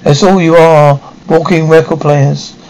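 An actress playing a rebellious grown daughter who feels trapped at home, speaking in sharp, scornful outbursts in a 1950s TV drama style. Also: female voice, low voice, fairly even intonation, a little slow, low-quality recording. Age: young adult.

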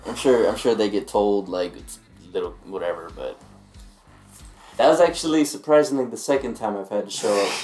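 A man telling a story in a casual podcast chat, calm and halting, with many restarts. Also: fairly low pitch, faint music behind. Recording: roomy, echoey room.

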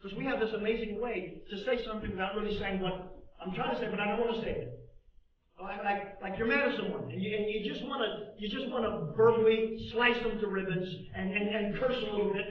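A man's voice: sits high, steady tone, fast talker. An older man preaching a sermon with passion, repeating himself and acting out people's prayers. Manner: impassioned, repetitive, acts out prayers. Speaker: pastor. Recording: echoey, distant, muffled room.

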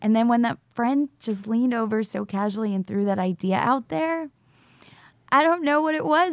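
A woman's voice: fairly high pitch, moderate pace, no echo. A middle-aged woman, a teacher, telling her story in an interview and acting out the dialogue as she goes. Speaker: teacher, recovery school founder.

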